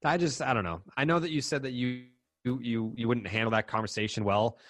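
A man co-hosting a podcast, speaking earnestly and a little haltingly in casual chat. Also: mid-range voice, a bit bright, no echo. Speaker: podcast co-host.

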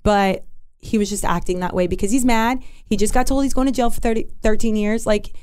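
Young woman guest, mid-pitched, rambling casual storyteller, lots of fillers and restarts. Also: steady tone, fairly quick, darkish tone, clean tone.

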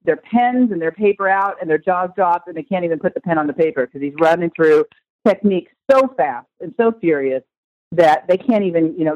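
A woman's voice: deep voice, no room sound, lo-fi sound. A woman guest in a conversational interview, talking with enthusiasm and at length. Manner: enthusiastic, talkative. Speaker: guest, tour organizer.

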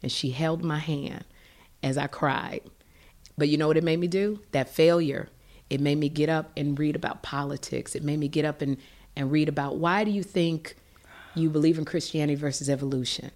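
A middle-aged woman, a guest in an interview, telling a personal story in an animated, emotional way with frequent restarts. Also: deep voice, normal speed.

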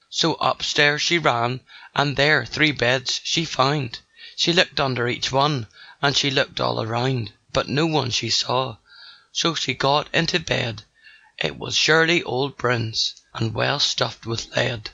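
A man with a gravelly voice narrating a rhymed storybook in a sing-song delivery. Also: mid-range voice, a little slow, pushed and bright.

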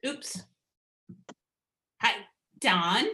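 A high, lively woman's voice with a bright edge, hosting an online show over a video call. She sounds bubbly and trips over her words now and then. The room around her is echoey. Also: measured pace. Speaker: host.

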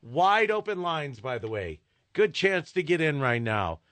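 Jovial radio host man, lively pitch. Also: measured pace. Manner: jovial, laughs easily, repeats the phone number. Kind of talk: live call-in joke segment. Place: radio studio. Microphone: studio microphone.

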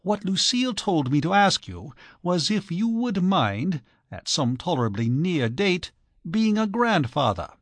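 A chirpy young English gentleman, as a man reads him, rattling along in airy slang. His voice rides high and swoops up and down, close and dry. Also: very animated, dry recording, heavily acted. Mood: cheery. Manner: breezy upper-class slang, fast and bright.

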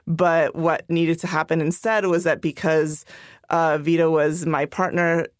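A woman podcast guest telling a personal story in an earnest, measured way. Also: low voice, flat delivery, dry recording, studio quality.

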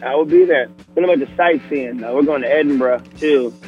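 A touring musician, a man, talks with radio hosts in a loose, slangy drawl. His voice sits at an ordinary middle pitch. Faint music plays underneath. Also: a little fast, lo-fi sound. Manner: laid-back, slangy, laughs easily. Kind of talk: casual phone chat.

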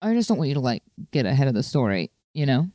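A woman telling a story in casual chat, chatty and animated, with lots of "like" fillers. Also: extremely low pitch, fast, dry recording, clean studio sound.

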